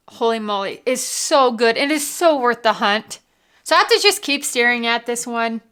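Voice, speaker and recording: A woman's voice: high voice, pushed and bright, clear, resonant tone. A woman hosting a casual whiskey vlog from home, bubbly and gushing, full of "like" and "literally". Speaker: whiskey vlogger.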